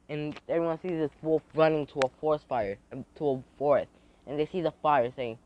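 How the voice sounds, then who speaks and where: A man's voice: fairly high pitch, fairly quick. A man telling an improvised fan story in a rambling, hesitant way, with many restarts, on a dull lo-fi recording.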